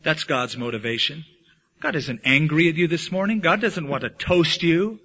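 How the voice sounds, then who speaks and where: A man preaching a sermon as pastor, swinging from loud emphatic lines to hushed ones. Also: on the high side, moderate pace. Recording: dull lo-fi sound.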